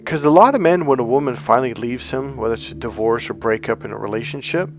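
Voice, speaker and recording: A man's voice: medium pitch, fast. A man with a mid-range voice tells a story as a dating coach, blunt and emphatic. He swears freely and hammers his points home by repeating words. Faint music sits behind him. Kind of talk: storytelling monologue.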